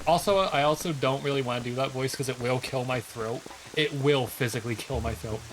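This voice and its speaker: A man's voice: medium pitch, brisk, a little hiss or hum, low-quality recording. A man streaming a video game, chatting casually and rambling with lots of filler words. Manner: rambling, heavy use of "like" fillers. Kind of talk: casual gameplay commentary.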